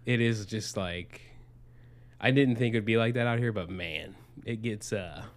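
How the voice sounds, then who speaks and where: Young adult man, podcast co-host, loose profane storytelling, slightly low voice. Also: normal speed. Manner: rambling, profane, lots of fillers. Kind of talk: casual storytelling. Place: Arizona.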